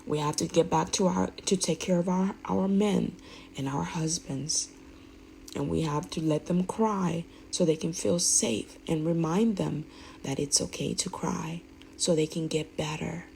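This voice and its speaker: A woman's voice: deep voice, steady tone, measured pace, gravelly, warm tone, a little hiss or hum, low-quality recording. A woman speaking candidly in a rambling, emphatic way, often restarting her sentences. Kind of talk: candid personal monologue.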